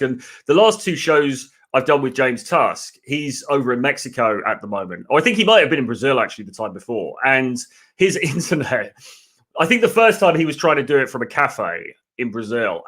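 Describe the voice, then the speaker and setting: A man hosting a live stream over a video call. He talks in a loose, rambling way and teases his co-host lightly. His voice sits at a middle pitch. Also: a bit bright. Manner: chatty, rambling, lightly teasing. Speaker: podcast host. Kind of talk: casual live-stream chat.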